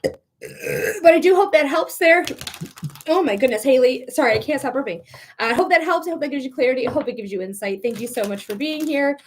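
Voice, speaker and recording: A woman's voice: sits high, animated, fast, slight background noise. A woman giving live tarot readings on a stream, chatty and encouraging, talking straight to her viewers. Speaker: psychic reader.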